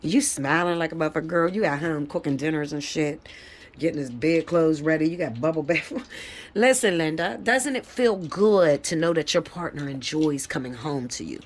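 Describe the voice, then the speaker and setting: A woman giving a live tarot reading, lecturing her viewers bluntly and with plenty of swearing. She turns emphatic and leaps up high when she gets fired up. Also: moderate pace, slight background noise. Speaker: tarot reader.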